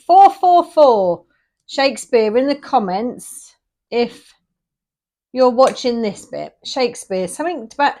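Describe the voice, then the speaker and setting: A woman from England, reading tarot cards in a casual video. She talks in a chatty, rambling way, drifts off-topic and loses her thread, and slows down while counting out the cards. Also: high-pitched, a little mellow. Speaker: tarot reader.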